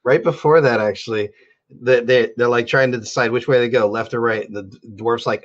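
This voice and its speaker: A man co-hosting a podcast, chatting about an anime in a halting way with many ums and restarts. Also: mid-range voice, steady tone, dull audio. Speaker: podcast co-host. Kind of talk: casual chat about an anime.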